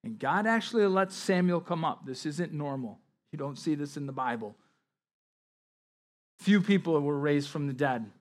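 A man's voice: fairly high pitch, animated, moderate pace. A man preaching a sermon, reading scripture aloud and explaining it with emphatic asides. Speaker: pastor.

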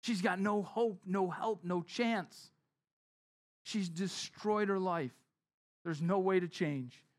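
A man's voice: high voice, takes it slowly, voice pushed up. A preacher voicing a gloating, scornful religious man. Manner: gloating, dismissive. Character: smug, scornful male religious leader.

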